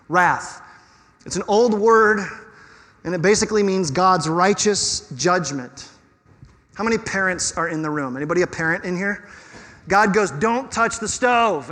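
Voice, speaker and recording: A man preaching a sermon as pastor, conversational and animated, asking his listeners rhetorical questions. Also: on the high side. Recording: long reverb of a hall.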